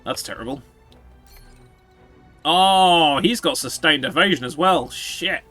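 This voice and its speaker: A man's voice: on the high side, slow pace, sharp tone, soft background music. A man giving casual, sarcastic commentary while streaming a video game, swearing and joking with his chat.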